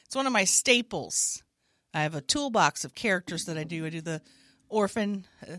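A woman improv comedian in casual, jokey comedy banter with an animated delivery. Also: fairly low pitch, normal speed, dry recording, clean studio sound. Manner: animated, jokey, slips into character voices.

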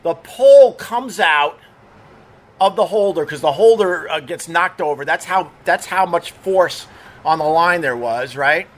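A man's voice: on the high side, moderate pace, a bit bright. A middle-aged man, a former radio DJ, telling casual stories in a rambling, profane way, full of fillers and restarts. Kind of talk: casual storytelling monologue.

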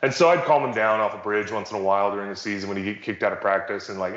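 Middle-aged ex-athlete, low voice, rambling wry storyteller, roomy dull recording. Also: male voice, racing, hardly any pauses, fairly bright tone. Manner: rambling, self-correcting, wry humor. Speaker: former pro basketball player as guest. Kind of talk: casual storytelling on a podcast. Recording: roomy, slightly dull sound.

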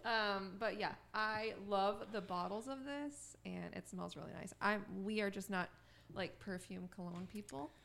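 A woman co-hosting a casual podcast with her husband, chatty and giggly, with a strong vocal fry at the ends of her phrases. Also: medium pitch, a bit bright. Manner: giggly, chatty, talks in quick bursts. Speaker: podcast co-host. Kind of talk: casual chat.

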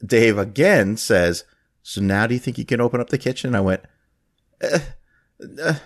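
A man hosting a podcast, telling a long anecdote in a casual, animated way, jumping up in pitch when he quotes people. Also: moderate pace. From United States. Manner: animated storyteller who raises his pitch for quoted people. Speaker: podcast host. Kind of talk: casual storytelling chat.

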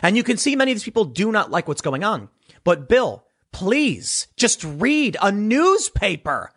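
Animated, husky-voiced sarcastic male commentator. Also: high voice, unhurried. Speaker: political commentator. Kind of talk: opinion monologue.

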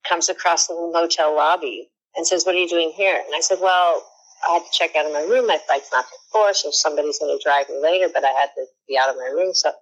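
A woman in her sixties, an actress talking as a podcast guest, telling lively stories and acting out the lines of the people she quotes. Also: low voice, quick pace, lo-fi sound. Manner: lively storyteller who acts out quoted lines.

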